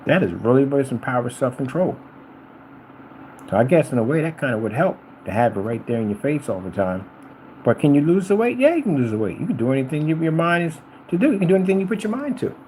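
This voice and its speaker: Brief: middle-aged male vlogger, rambling rant, lively swooping pitch, mellow low tone. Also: fast, a little hiss or hum, low-quality recording. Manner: rambling and repetitive, addressing a rival directly. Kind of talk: ranting monologue to camera.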